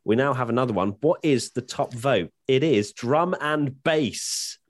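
A man's voice: medium pitch, lively intonation, a little slow. A man hosting a podcast, joking and moving the chat from one segment to the next. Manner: jokey, drives the segments. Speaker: podcast host. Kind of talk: casual chat.

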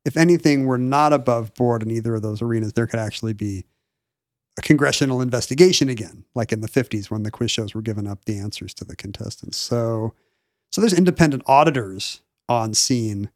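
A man co-hosting a casual podcast chat, wry and deadpan, with quick jokey asides. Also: mid-range voice, no echo, studio quality. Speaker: co-host.

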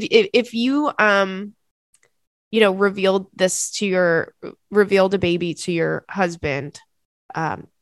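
A woman's voice: fairly low pitch, no room sound. A young woman hosting a podcast, chatting casually and emotionally, reading out listener letters with lots of fillers. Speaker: podcast host.

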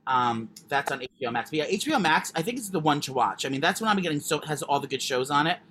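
A young man co-hosting a podcast, rambling through casual chat with lots of fillers and restarts. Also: fairly high pitch. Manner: rambling, fast, animated, many fillers. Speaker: podcast co-host. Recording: faint background noise.

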